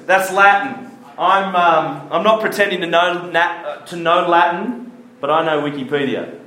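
A man's voice: a little high, moderate pace, sharp tone. A man giving a casual, jokey church talk and asking the room questions. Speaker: youth speaker. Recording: echoey hall.

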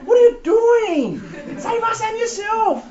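A man voicing a brash, mocking male criminal, with high-pitched, drawn-out jeers. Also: sing-song, crowd noise, full character voice. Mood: jeering. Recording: roomy, slightly dull recording.

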